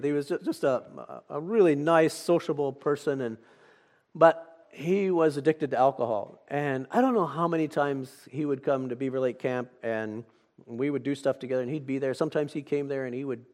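A man's voice: mid-range voice, a little mellow. An earnest man giving a sermon, telling a story and acting out both sides of a conversation.

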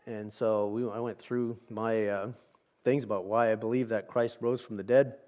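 A man's voice: fairly low pitch, fairly even intonation, moderate pace, a little mellow. An earnest man giving a sermon, telling a story and acting out both sides of a conversation.

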